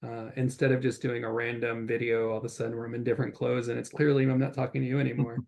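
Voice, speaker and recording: Gravelly halting interviewer. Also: male voice, medium pitch, level tone, darkish tone. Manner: halting, stacks fillers and repeats words. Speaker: interviewer and anthology editor. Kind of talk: casual interview chat.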